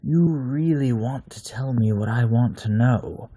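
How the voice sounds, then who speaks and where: A man's voice: medium pitch, measured pace, dark tone, slightly rough, dry recording, pitched above the performer's own voice. A man reading aloud and voicing a male werewolf killer who talks in a mock-fatherly, toying way, with sudden snarls. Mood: menacing. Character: male werewolf killer, deep smooth voice, fatherly yet cruel.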